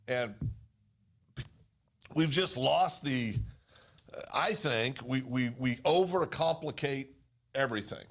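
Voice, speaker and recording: A man co-hosting a casual live business talk show, animated and quick to laugh. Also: medium pitch. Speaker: co-host.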